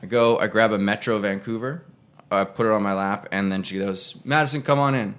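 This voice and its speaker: A man's voice: lowish voice, level tone, brisk, fairly bright tone, smooth. A young man, an actor, casually telling a personal story on a podcast and rambling with frequent self-corrections. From Canada. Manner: rambling, self-correcting, acts out voices in quotes.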